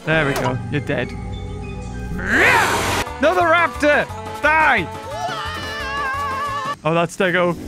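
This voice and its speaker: A man giving excitable live commentary over a video game, exclaiming and laughing often. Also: high voice, takes it slowly, pauses often, over loud music. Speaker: gaming YouTuber.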